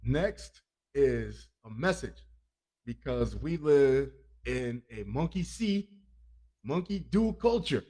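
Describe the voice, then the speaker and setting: A man hosts a comic news podcast in a loose, rambling way, cracking jokes and cursing freely. His voice sits a bit higher than most men's. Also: darkish tone. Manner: rambling, joking, laughs often, profane. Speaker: podcast host. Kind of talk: comic crime news talk.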